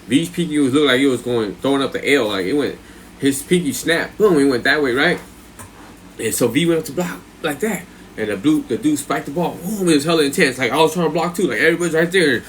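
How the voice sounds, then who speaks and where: A man's voice: fairly high pitch, expressive, fairly quick, a bit bright, a little hiss or hum. A man streaming live, rambling and swearing as he tells a story in casual chat. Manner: profane, rambling, with frequent "right?" and "you know what I'm saying". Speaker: livestreamer.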